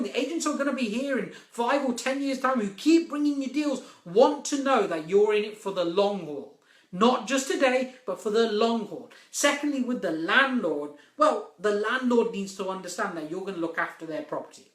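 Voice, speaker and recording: High-voiced guy coaching on a live stream, keeps hammering points with "right?", roomy echo. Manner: emphatic, repeats key points with "right?". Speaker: property investment coach.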